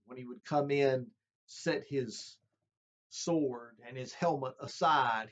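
A man's voice: mid-range voice, slow pace. A male preacher delivering a sermon in an earnest, emphatic way, addressing his listeners as friends. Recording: dull lo-fi sound.

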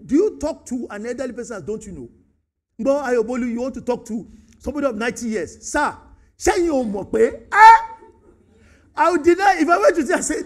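A Nigerian man preaching a sermon, animated, acting out dialogues and slipping into Pidgin and Yoruba. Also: extremely high pitch, moderate pace. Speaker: pastor.

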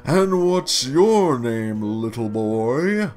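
A man voicing a big, booming department-store Santa with a hearty baritone and drawn-out laughs, read in a storybook. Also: sing-song, darkish tone, soft background music. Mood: jovial.

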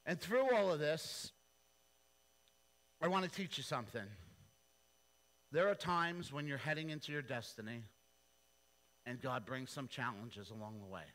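A male pastor preaching a sermon, telling the story in an animated, playful, slangy way. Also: mid-range voice, unhurried, long pauses, rough recording.

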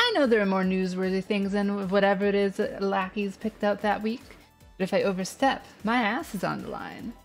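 A woman doing a gruff, sleazy news boss. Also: medium pitch, a little fast, faint music behind, natural voice. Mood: grumbling. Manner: gruff, tough-talking. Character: brash sleazy middle-aged male news boss. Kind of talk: video game voice reading.

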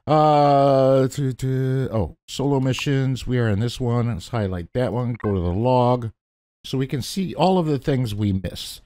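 A man's voice: medium pitch, lively intonation, unhurried, a little mellow, no room sound. A man hosting a gaming channel, chatting casually through his gameplay and politely addressing the enemies he fights.

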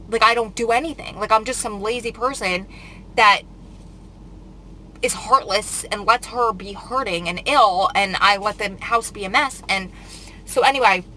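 A woman's voice: on the high side, pushed and bright, slight background noise, rough recording. A woman vlogger telling a painful story in a casual confessional vlog, upset and rambling with many filler words.

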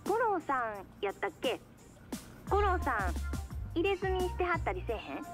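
Bored college girl, Kansai accent, drawling, high lively voice. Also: quick pace, soft background music. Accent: Kansai Japanese. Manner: languid, drawling.

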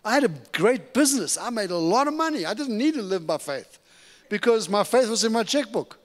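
Middle-aged guy from africa preaching his testimony, pretty high voice, big reverb church hall. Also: brisk. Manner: animated, humorous storytelling. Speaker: guest preacher. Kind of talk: testimony sermon. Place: church sanctuary.

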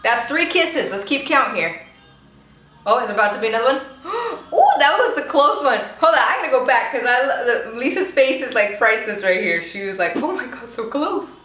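A woman's voice: a little high, lively intonation, a little fast, a bit bright. A young woman hosting a casual reaction video, chatty and giggly, playfully voicing the people she watches. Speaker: YouTube reaction host. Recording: echoey room with faint noise.

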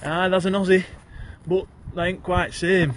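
A man's voice: high-pitched, little pitch movement, unhurried, a little hiss or hum. A man with a broad Yorkshire accent reciting comic rhyming verse, addressing the listener as thee. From Yorkshire, England.

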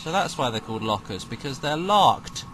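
A man's voice: mid-range voice, very animated, normal speed, background noise. A British man giving casual let's-play commentary, joking, rambling and letting out sudden startled yelps. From Britain. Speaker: game commentator. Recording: loud game audio over the voice.

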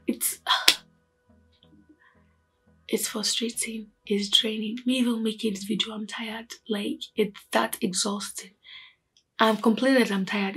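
A woman's voice: medium pitch, breathy edge. A young woman speaking in an exasperated vlog, sighing and repeating herself as she talks. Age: young adult. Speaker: vlogger. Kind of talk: frustrated opinion vlog.

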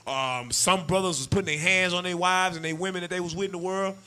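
A man preaching a street-style sermon, animated and slangy, acting out what husbands and wives say. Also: high voice, fast talker, smooth, soft background music.

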